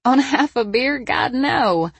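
A woman's voice: high voice, animated, slow pace, husky, no room sound, pitched above the performer's own voice, exaggerated voice. A woman reading a storybook, voicing a feisty, defensive young woman who speaks with a spirited manner.

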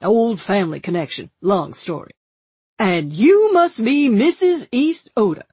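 A woman voicing a jovial, polished man in his early forties with a mid-Atlantic accent and a suave, courtly, drawn-out delivery. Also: high-pitched, expressive, darkish tone, slightly rough, no echo, full character voice. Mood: genial. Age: 40s.

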